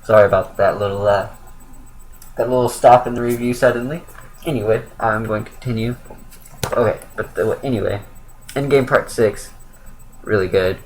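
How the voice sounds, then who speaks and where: A man's voice: on the low side, normal speed, pauses often, darkish tone, a little hiss or hum, rough recording. A young man giving a casual, rambling spoken review of a comic book, with lots of fillers and self-corrections.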